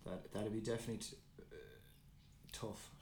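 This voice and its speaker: A man's voice: on the low side, level tone, normal speed. A man co-hosting a podcast in casual chat, laid-back, swearing often and restarting his sentences. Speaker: podcast co-host. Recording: roomy with faint background noise.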